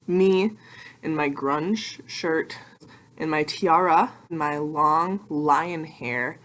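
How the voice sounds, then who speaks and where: A young adult woman vlogging casually to her computer webcam, rambling and excitable with self-mocking asides. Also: sits low, very slow, a little hiss or hum. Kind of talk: casual vlog talk to camera.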